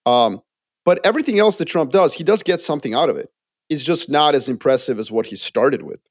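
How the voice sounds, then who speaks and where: A man co-hosting a casual podcast, explaining his views in an animated way and acting out quotes. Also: mid-range voice, no room sound, studio quality. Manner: animated, acts out quoted voices. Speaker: podcast co-host. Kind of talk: casual geopolitical chat.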